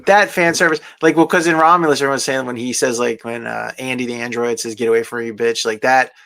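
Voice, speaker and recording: Young man, gravelly voice, casual movie chat, rambling, lots of filler words. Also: mid-range voice, steady tone, brisk, fairly bright tone. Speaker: movie discussion guest.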